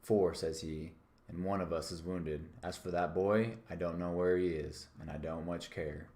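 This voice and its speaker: A man's voice: sits low, fairly even intonation, moderate pace, darkish tone. A man voicing a cunning old pirate captain who roars commanding threats, read aloud in an echoey room. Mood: sly. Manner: gruff, commanding, roaring threats. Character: Long John Silver, cunning menacing old pirate captain.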